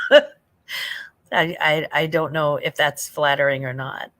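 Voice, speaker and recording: A woman's voice: low-pitched, fairly even intonation, slow, fairly bright tone. Chatty older woman streaming live. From St. Louis, Missouri. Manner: chatty, rambling, often laughing, reading out viewer comments. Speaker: livestream host. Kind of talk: casual late-night livestream chat.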